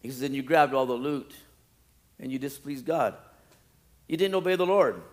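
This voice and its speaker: A male pastor preaching a sermon, animated, swinging from loud pleading to quiet, low asides. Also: moderate pace.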